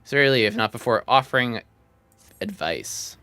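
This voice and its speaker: A man's voice: mid-range voice, animated, moderate pace, pushed and bright, clean tone, dry recording, soft background music. A man reading aloud the lines of a solemn male elf scholar who speaks in old-fashioned formal phrases. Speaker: streamer reading game dialogue.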